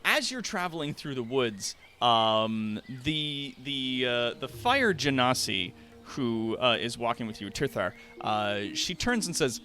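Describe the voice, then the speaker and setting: Casual male game master, lively up-and-down delivery, loose and profane, soft music underneath. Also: medium pitch, a little slow, few pauses. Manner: casual, swearing, laughs often, many fillers. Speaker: dungeon master. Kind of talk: narrating a tabletop game.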